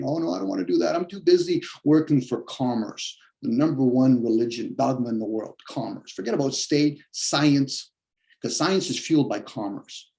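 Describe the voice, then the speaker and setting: On a podcast, a man delivers a blunt, combative, profanity-laden philosophical rant, ridiculing the objections he pictures from others. His mid-range voice is gravelly and a little mellow.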